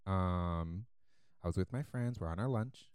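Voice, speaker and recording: A man co-hosting a podcast, telling a story in a casual, animated way, laughing often and acting out the people he quotes. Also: low-pitched, a little slow, clear, resonant tone, dry recording, studio quality. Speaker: podcast co-host.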